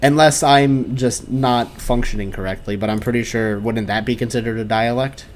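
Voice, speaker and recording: A man's voice: mid-range voice, steady tone, moderate pace, slight background noise. An American man co-hosting a casual comedy podcast, rambling and hesitant as he thinks aloud. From United States. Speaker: podcast co-host.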